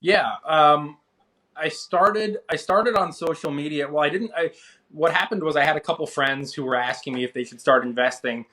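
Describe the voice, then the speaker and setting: Guest: thirties man, casual storyteller, lively when quoting others. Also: normal speed. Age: 30s. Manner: animated, acts out quoted people with rising pitch. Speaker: interview guest, finance creator.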